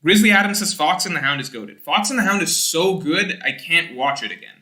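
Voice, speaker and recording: Animated young man chatting on stream. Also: a little high, a little fast, echoey room. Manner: rambling, animated, swears casually. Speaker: streamer reading chat. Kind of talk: casual livestream chat.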